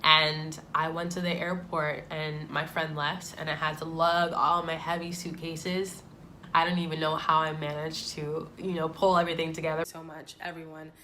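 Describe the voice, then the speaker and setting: A young woman in her twenties with a slightly low voice, telling a personal story to her camera. She sounds heartfelt and reflective, and a faint hiss of room noise sits behind her. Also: flat delivery, moderate pace, pushed and bright. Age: 20s. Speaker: vlogger.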